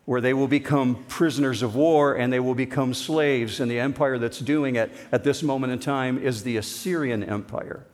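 A man preaching to a church congregation in an emphatic sermon style. His voice sits in a middle pitch, and he slows down to lean on the words he wants to stress. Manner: emphatic, drawing out key words. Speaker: pastor.

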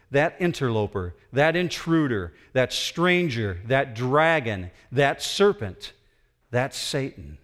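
A man preaching a sermon from the United States, dramatic and building to emphatic peaks. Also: mid-range voice. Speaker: pastor.

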